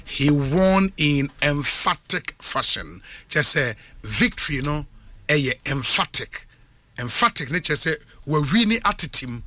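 A man's voice: a little high, sharp tone, no echo. Emphatic Ghanaian radio host man. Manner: emphatic, stretches key phrases slowly. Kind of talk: radio show announcing. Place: radio studio.

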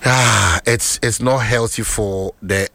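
A man with a Ghanaian accent hosting a current affairs radio show, speaking in a measured way and mixing Twi and English. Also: on the low side, fairly even intonation, vocal fry, sharp tone.

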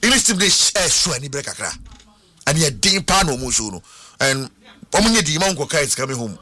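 A man with a Ghanaian accent presenting football news on the radio in a lively, sing-song, playful way. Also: a little high, a little fast, dry recording. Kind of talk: radio sports chat, mixing Twi and English.

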